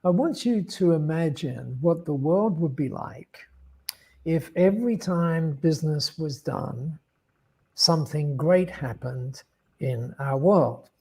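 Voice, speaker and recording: Husky Australian man telling a story. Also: on the high side, animated, takes it slowly, mellow. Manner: rambling, with frequent restarts and acted-out dialogue. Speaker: guest speaker. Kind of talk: storytelling interview answer.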